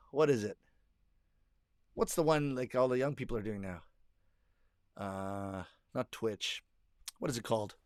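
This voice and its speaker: A man's voice: on the high side, a bit bright, clear, resonant tone, no room sound, studio quality. A middle-aged man hosting a livestream, casually chatting and reading viewer comments aloud, laughing often.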